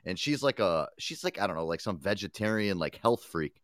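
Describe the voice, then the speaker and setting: A man's voice: sits low, lively intonation, a little fast, no room sound, clean studio sound. A man hosting a crude casual chat show, swearing constantly and laughing often. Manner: profane, boisterous, laughs often. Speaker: podcast host.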